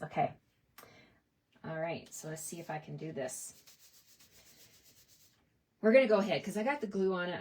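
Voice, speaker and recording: Woman, fairly low voice, cheerful crafting tutorial, chatty demonstrator. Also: darkish tone. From Canada. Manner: chatty and enthusiastic, addressing viewers as you guys. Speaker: card-making demonstrator.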